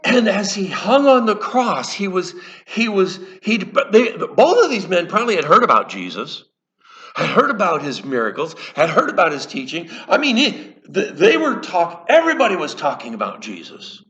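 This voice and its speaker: A man preaching in a church, telling a story earnestly and haltingly, often restarting his sentences. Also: high voice, very animated, fairly bright tone, lo-fi sound. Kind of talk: sermon storytelling.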